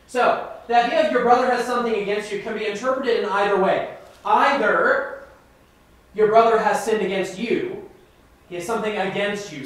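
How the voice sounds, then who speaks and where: A minister teaching a Bible class, emphatic and conversational, asking the class questions. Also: male voice, high voice. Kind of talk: interactive Bible class sermon. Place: church classroom. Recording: echoey room from far off, faint noise.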